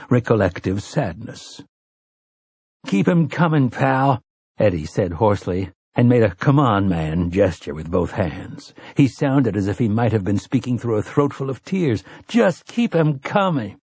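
A man reading an audiobook in steady, measured scripted narration. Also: on the low side, breathy edge, no room sound.

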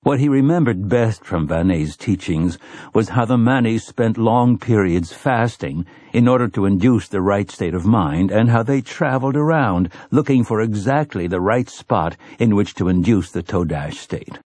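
A man reading a novel aloud as an audiobook narrator, expressive and shifting between character voices. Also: fairly low pitch, normal speed, no room sound. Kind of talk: scripted narration.

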